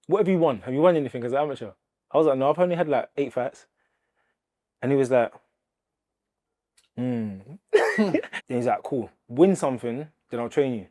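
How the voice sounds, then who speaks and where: A man, a boxer telling stories of his career in a relaxed, chatty way. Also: medium pitch. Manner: relaxed, chatty storytelling with slang and laughs. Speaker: professional boxer. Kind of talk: interview and gym banter.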